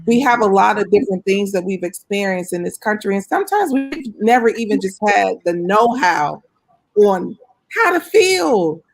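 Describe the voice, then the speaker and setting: A woman on a panel who tells animated stories on a video call, laughing often. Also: medium pitch, normal speed. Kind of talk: panel discussion.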